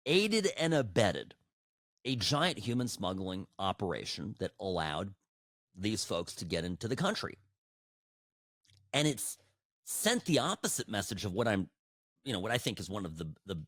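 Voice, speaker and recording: Animated, sarcastic male podcast host. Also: fairly low pitch, no echo, clean studio sound. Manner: animated, sarcastic, frequent restarts. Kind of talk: political commentary. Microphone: studio microphone.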